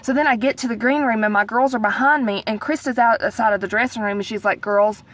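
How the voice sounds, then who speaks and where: A woman, telling a story in lively chat and leaping up in pitch for quoted lines. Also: fast, no room sound. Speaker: vlog co-host, theater director.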